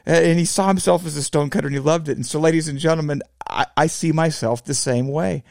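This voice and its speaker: A man's voice: on the high side, fast, creaky, darkish tone, no echo, studio quality. A man in his forties hosting his own podcast, talking reflectively in a casual solo monologue and addressing listeners as fellow fabricators. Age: 40s. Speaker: podcast host.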